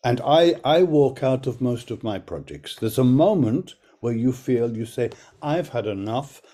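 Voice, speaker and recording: A man's voice: mid-range voice, expressive, a little slow, mellow. An older man speaking on a video call, telling candid stories about his work with frequent restarts. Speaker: guest speaker, choreographer. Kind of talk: reflective talk on a video call.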